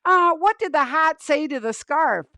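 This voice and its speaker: A chirpy, high penguin puppet, put on by a woman, bubbling over with jokes for a children's show. She sounds eager and pleased with herself, her voice lifting above the puppeteer's own. Her speech is unhurried. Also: expressive, bright, forceful tone, dry recording, exaggerated voice. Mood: bubbly. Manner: bubbly, eager joke-teller. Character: cheerful female penguin puppet, joke-loving.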